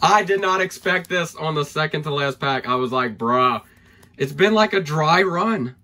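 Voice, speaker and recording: A man opening trading card packs on camera, excitable and hyped, thinking aloud as he goes and losing his voice. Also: fairly high pitch, normal speed. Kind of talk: excited pack-opening vlog.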